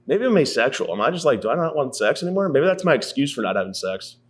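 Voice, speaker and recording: A man's voice: medium pitch, big pitch swings, fast. Rambling, profane man in his thirties. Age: 30s. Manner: rambling, profane, self-mocking with lots of fillers. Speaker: podcast host. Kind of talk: casual comedic monologue.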